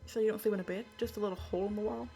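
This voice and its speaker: Gravelly woman reading a horror game aloud. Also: mid-range voice, fairly even intonation, racing, over music. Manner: whispered asides between dramatic reading. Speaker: game streamer.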